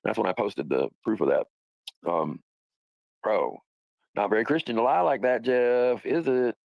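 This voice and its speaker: Gravelly, profane man streaming casually. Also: on the low side, unhurried, no room sound, lo-fi sound. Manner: rambling, profane, laughs often. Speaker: livestream host. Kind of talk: casual livestream commentary.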